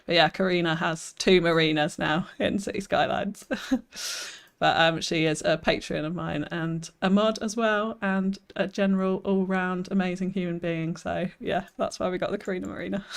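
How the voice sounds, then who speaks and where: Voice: medium pitch, steady tone, normal speed, creaky. Chatty streamer answering live chat. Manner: chatty, reads chat aloud and answers, self-deprecating laughs. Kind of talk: live gameplay commentary, chatting with viewers.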